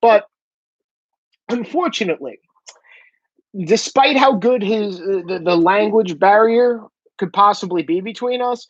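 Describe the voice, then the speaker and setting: A man's voice: high voice, a little slow, long pauses, no echo. A man with a thick New York–New Jersey accent, talking bluntly and profanely in a casual opinion monologue. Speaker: independent journalist, vlogger. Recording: dull lo-fi dry recording.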